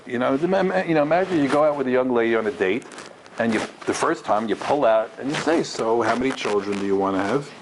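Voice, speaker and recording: A man's voice: a little high, background noise. A man who is a rabbi, giving a lecture with stories and acting out the dialogue, recorded on a microphone in a community hall. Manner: acts out dialogue in his stories. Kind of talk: lively lecture with storytelling.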